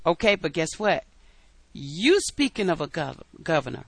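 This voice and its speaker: A woman's voice: low voice, sing-song, normal speed, creaky, slightly rough, no room sound. A middle-aged woman, the host's mother as a guest, arguing her point firmly in a casual debate. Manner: firm, insistent.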